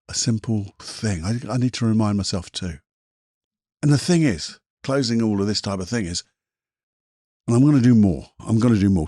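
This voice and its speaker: A man's voice: on the low side, darkish tone, breathy edge, no room sound, studio quality. A man hosting a podcast as a hypnotherapist, talking in a passionate, casual motivational monologue, swearing now and then and repeating himself.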